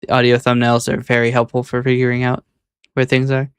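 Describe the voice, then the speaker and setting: A man casually talking to himself while editing his own clips, mildly exasperated as the software acts up. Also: mid-range voice, monotone, fairly quick, clear, resonant tone, no room sound.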